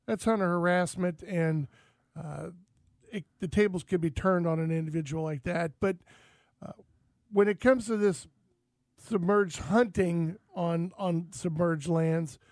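A man's voice: sits high, darkish tone, no echo. A man hosting an outdoors talk radio show, folksy and rambling with frequent fillers.

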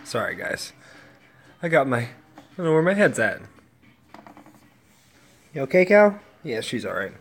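Gravelly-voiced tired male host, loose distracted solo chat, faint music bed. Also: medium pitch, sing-song, moderate pace, pauses often. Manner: rambling, distracted, talks to his cats. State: tired, yawning. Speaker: podcast host.

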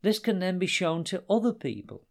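A man voicing a frightened, blinded male photographer who wails and pleads in a high voice. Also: very animated, moderate pace, vocal fry, exaggerated voice. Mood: pleading. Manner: high panicked wailing pleas.

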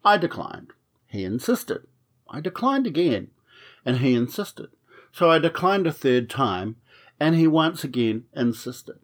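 A man's voice: fairly high pitch, big pitch swings, measured pace. A man telling a comic personal story on his podcast, frank and wry, swearing freely.

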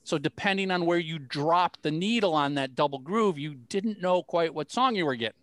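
A man from Minnesota hosting a podcast, telling jokey, animated stories in casual chat. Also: a little high, moderate pace, no room sound. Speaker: podcast host.

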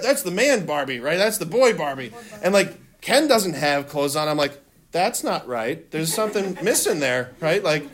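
A man teaching a room of children, his voice lively and a little raised. He laughs easily, asks questions and leads the group in chanting phrases back. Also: sits high. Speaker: religion teacher. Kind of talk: classroom teaching with call-and-response. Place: classroom.

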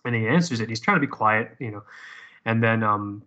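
Man, bright forceful voice, casual storytelling, swears a lot, rambling. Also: on the low side, brisk, lo-fi sound. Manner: profane, rambling, many restarts.

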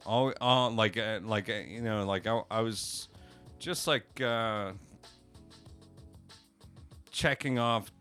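A man's voice: lowish voice, slow, long pauses, fairly bright tone, faint music behind. A man telling a long story in casual podcast chat, rambling with many fillers and casual swearing. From United States. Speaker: podcast co-host.

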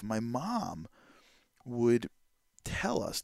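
A man hosting a podcast, telling a personal story in a lively, chatty way with lots of fillers. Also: mid-range voice, vocal fry, dry recording, clean studio sound. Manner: lively, quick anecdotal delivery with many fillers. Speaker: podcast host. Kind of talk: storytelling monologue.

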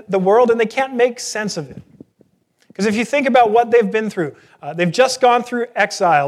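A man preaching an earnest sermon, asking rhetorical questions and joking at his own expense. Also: high voice. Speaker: pastor.

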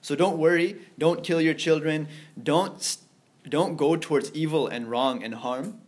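Man giving an Islamic lecture. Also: a little high. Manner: explains slowly, asks class if they understand; mixes in Arabic terms and phrases. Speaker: teacher.

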